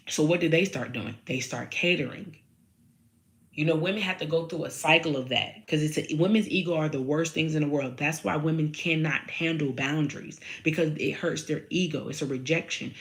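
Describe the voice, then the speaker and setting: A woman with a low, deep-set voice speaks straight to her viewers. She is blunt and profane, slips into slang and repeats her points again and again until they land. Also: moderate pace. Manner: addresses viewers directly, slangy. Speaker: vlogger. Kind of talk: candid monologue to camera.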